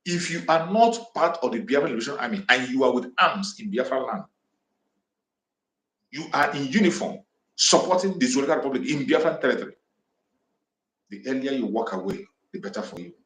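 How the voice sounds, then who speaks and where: A man's voice: mid-range voice, animated, brisk, long pauses, a bit bright. Fiery man on an echoey livestream. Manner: fiery, repetitive, defiant declarations. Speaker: activist livestream host. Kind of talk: impassioned livestream address. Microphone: home livestream microphone. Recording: echoey room.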